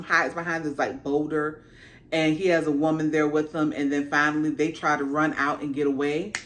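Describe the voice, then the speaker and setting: A woman reviewer giving a casual, slangy episode recap, acting out the characters as she goes. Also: lowish voice. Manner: animated, slangy storytelling with acted-out asides. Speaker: TV show reviewer.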